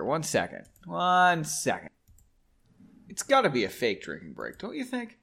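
A man's voice: mid-range voice, wildly swooping pitch, normal speed. A man hosting a podcast where he reads his own book, breaking off for wry, self-interrupting asides. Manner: self-interrupting, wry, rereads lines in new voices. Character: weary male hero, reading his own lines. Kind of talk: casual reading with joking asides.

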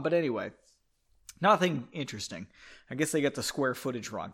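A man's voice: mid-range voice, lively intonation, a little fast, long pauses, fairly bright tone, breathy edge. A man hosting a comedic book reading podcast, breaking off to drink and mock the text with sarcastic asides. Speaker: podcast host.

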